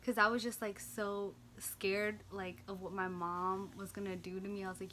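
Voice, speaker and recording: A young woman vlogger casually telling a story, animated and slangy, full of "like" and swearing. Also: medium pitch, normal speed, few pauses, a little hiss or hum.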